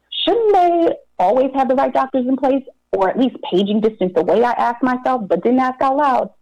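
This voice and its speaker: A woman's voice: high-pitched, lively intonation, fairly quick, a little mellow, dull audio. A young adult woman performing a personal story with wry sarcasm and dramatic repetition.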